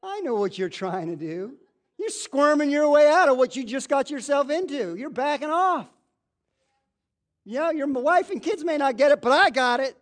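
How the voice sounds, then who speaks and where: Preacher guy doing a blunt holy spirit voice, high-pitched, scolding and insistent. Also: lively intonation, normal speed. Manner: blunt, insistent, talking straight at the listener. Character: stern male Holy Spirit scolding a believer.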